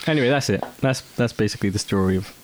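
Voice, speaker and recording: A man's voice: lowish voice, racing, slight background noise. A man chatting on a podcast about his tabletop character, telling it in a rambling, storytelling way. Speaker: podcast co-host, tabletop player. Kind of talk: casual podcast chat.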